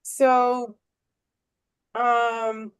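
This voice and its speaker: A woman's voice: on the high side, little pitch movement, extremely slow, clean tone. A woman hosting a casual video call, asking friendly questions and chatting about her own experiences. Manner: friendly, asks questions, gives chatty asides. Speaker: host.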